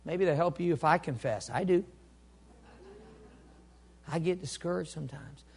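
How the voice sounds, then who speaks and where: A man preaching a sermon, moving between quiet storytelling and loud, impassioned delivery. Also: fairly high pitch, moderate pace, husky. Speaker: pastor.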